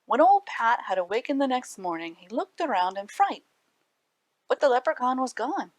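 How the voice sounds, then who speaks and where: A woman reading folktales aloud to children at a library storytime, animated and breaking into hushed asides. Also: on the high side, normal speed, no room sound.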